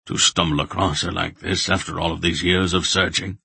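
Guy doing a crafty old wizard, low, raspy, thinks before he talks. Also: little pitch movement, sharp tone, no echo, heavily acted. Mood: thoughtful. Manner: dry, measured, thoughtful. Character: old male sorcerer, shrewd and gruff.

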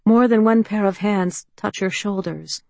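A woman reading a tense story aloud in a slow, hushed narration. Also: mid-range voice, creaky, dry recording. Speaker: audiobook narrator. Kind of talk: scripted narration.

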